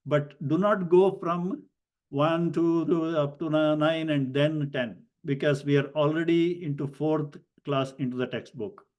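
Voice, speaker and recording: Slow-explaining male grammar teacher. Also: a little high, fairly even intonation, a little mellow. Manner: slow, deliberate explaining with frequent fillers; spells out syllables letter by letter. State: coughing at times. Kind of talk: online class lecture.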